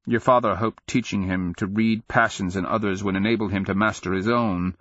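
A man's voice: lowish voice, steady tone, normal speed, a bit bright, breathy edge, no room sound, highs cut off. A man voicing a volatile empress mother. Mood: urgent. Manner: impassioned, breaking into outbursts. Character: anxious, volatile empress mother, middle-aged woman.

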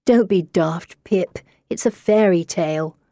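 A woman's voice: on the low side, a little slow, dark tone, no room sound, clean studio sound. A woman voicing a bold, imperious young woman who leads her friends with commanding, scornful declarations.

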